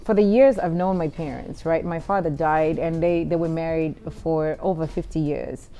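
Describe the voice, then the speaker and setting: Lively woman telling a story. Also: moderate pace. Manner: animated storyteller, acts out quotes with big pitch jumps. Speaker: talk show co-host. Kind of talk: casual chat, storytelling.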